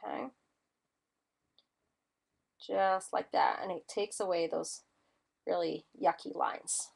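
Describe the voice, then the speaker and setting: A woman's voice: on the low side, fairly even intonation, slow, gravelly, breathy edge. A woman teaching a live-streamed mixed media art class, chatty and enthusiastic as she demonstrates. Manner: chatty and enthusiastic, gushing over colors.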